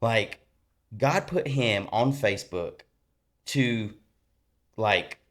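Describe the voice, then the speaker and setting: Speaking extremely slowly in a fairly low voice, a man gives his faith testimony on a podcast as a guest. His telling is earnest and animated yet colloquial and rambling, full of restarts.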